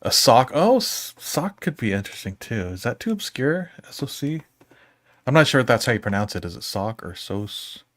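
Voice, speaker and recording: A man's voice: medium pitch, sing-song, a little fast, fairly bright tone, no room sound, clean studio sound. A man in his forties, a comic book artist, talking through ideas in a rambling casual chat with chuckles between thoughts.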